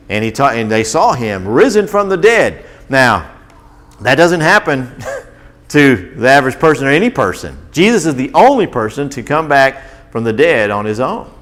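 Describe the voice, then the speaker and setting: A man's voice: a little high, moderate pace. A man telling a Bible story to children as their teacher, stopping often to ask the kids questions. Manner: animated, asks children questions.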